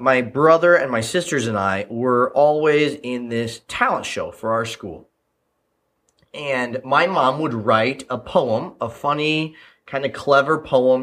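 A man at an ordinary pitch talks through a family memory on his podcast. He rambles a little, restarts lines and leans on fillers, in an easy, unscripted way. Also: a bit bright. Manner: storytelling, repeats phrases, frequent fillers. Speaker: podcast host, leadership coach. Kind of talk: casual solo podcast talk.

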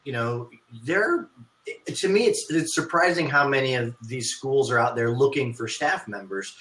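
Bright-voiced man in an echoey room. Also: medium pitch, animated, moderate pace. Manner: thoughtful, rambling, with many restarts. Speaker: martial arts school owner, podcast host. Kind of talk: casual podcast conversation. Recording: roomy echo.

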